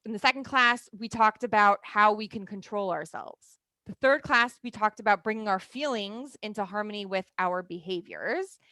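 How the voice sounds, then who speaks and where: A woman in her thirties leads a class in a relaxed, talkative way, checking in with her listeners as she goes. Her voice sits at an ordinary pitch. The sound is dry and close, with no room echo. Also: normal speed, few pauses. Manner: chatty, often asks "right?" and leans on "like". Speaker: teacher of a Torah class. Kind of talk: conversational class lecture.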